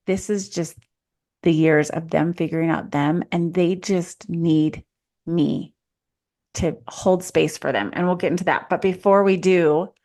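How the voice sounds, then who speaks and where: Low-voiced woman coaching parents. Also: a little slow, darkish tone. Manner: earnest, coaching, thinks aloud. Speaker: life coach and podcast co-host; mother of teens. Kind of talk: casual advice chat.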